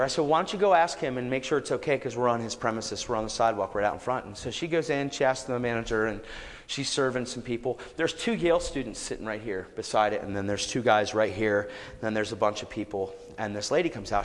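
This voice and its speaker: A man preaching and telling a testimony story, growing animated and shouting at times. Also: mid-range voice, fast talker, long reverb tail. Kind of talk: storytelling sermon.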